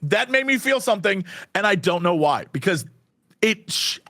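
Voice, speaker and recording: A man with a high speaking voice talks as a podcast guest, animated and excitable, often breaking into laughter. His voice is recorded dry and close, with almost no room sound. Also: normal speed, dry recording. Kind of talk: casual podcast chat.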